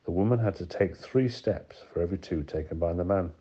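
A man reading an audiobook in steady, measured narration. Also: deep voice, slightly rough. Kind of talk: scripted narration. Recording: dull lo-fi recording.

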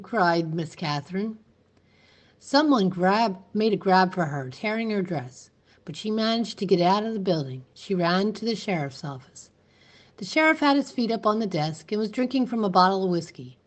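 A woman reading a novel aloud in a steady, even narrating voice. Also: fairly low pitch, moderate pace. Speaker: reader. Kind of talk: storybook read-aloud.

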